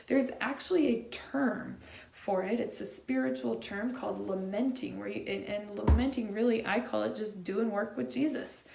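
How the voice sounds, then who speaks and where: A woman's voice: a little high, vocal fry, dark tone. A young adult woman preaching a casual, chatty sermon to a congregation, emphatic and slangy. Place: large room with a congregation. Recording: roomy echo, faint room noise.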